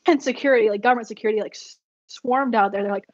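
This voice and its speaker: A woman's voice: a little high, fast talker, darkish tone, dry recording. A woman vlogger telling rambling stories in a casual chat, laughing often between fillers. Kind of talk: casual storytelling while journaling. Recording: dull dry lo-fi recording.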